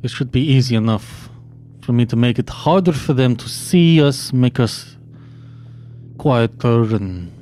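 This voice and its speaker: A man's voice: mid-range voice, animated, measured pace, mellow. A man playing a tabletop game, thinking aloud and often hesitating. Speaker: player. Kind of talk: casual tabletop play.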